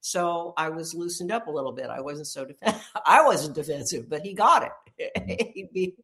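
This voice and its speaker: A woman hosting a casual conversation, talking in an animated way and laughing often. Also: low-pitched, normal speed.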